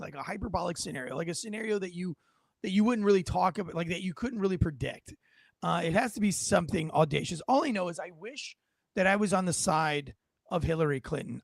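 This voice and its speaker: A man hosting a casual political commentary show, animated and joking, his voice raspy from yelling. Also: high voice, no echo, clean studio sound. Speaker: podcast host.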